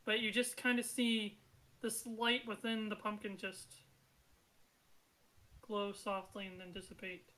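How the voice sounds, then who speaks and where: A woman running a tabletop game as game master, narrating in a relaxed, chatty way. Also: mid-range voice, a little slow, pauses often, low-quality recording.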